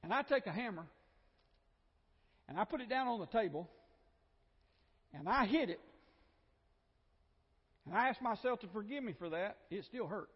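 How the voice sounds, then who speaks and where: High, lively Southern preacher man. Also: normal speed, long pauses, slightly rough. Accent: Southern American. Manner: conversational, with joking asides and repeated phrases. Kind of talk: sermon. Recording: dull, echoey church hall recording.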